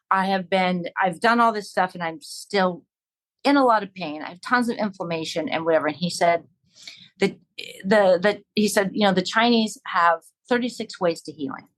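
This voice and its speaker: A woman's voice: fairly low pitch, rough recording. A woman talking earnestly and reflectively in a casual podcast conversation.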